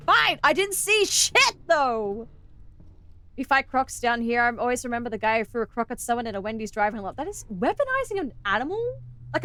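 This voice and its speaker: An Australian woman chatting through a game stream with a bright, ringing tone. Her pitch sits a little high and swings widely as she jokes with her viewers. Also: a little hiss or hum. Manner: animated and joking, laughs often. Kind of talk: casual gameplay chat.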